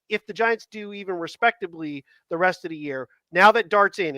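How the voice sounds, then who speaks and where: High, bright-voiced male podcast co-host. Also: dry recording. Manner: rambling, asks long questions; acts out quoted dialogue. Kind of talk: casual sports chat.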